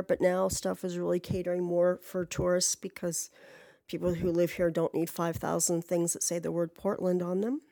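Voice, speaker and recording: A woman's voice: medium pitch, warm tone, no echo. A woman telling a rambling story in a chatty, profane way, full of asides and fillers. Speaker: podcast storyteller. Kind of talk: casual storytelling monologue.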